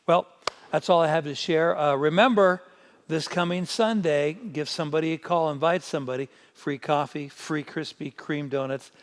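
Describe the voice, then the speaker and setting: A man's voice: fairly high pitch, moderate pace, big-room sound. A man preaching a midweek sermon as pastor, retelling scripture in an emphatic, conversational way.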